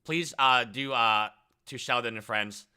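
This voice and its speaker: Excitable, bright-voiced male streamer. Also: medium pitch, clear, resonant tone. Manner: excitable, rambling, jokey, quick bursts of enthusiasm. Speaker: live stream host. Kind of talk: casual live stream chat.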